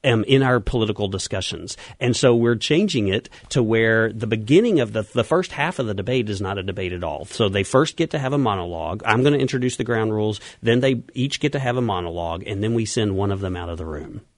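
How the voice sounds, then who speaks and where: A man with a low voice talks eagerly and at length as a radio interview guest. The sound is dry and close to a studio microphone. He explains his plans step by step with clear enthusiasm. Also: animated, fast, hardly any pauses, no echo. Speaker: event organizer and coach.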